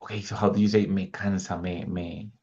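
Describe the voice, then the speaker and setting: A man's voice: low-pitched, flat delivery, a little fast, dark tone, muffled recording. A male English teacher giving a lesson, patiently repeating example phrases and checking in with his students. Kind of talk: online language lesson, mixing English and Spanish.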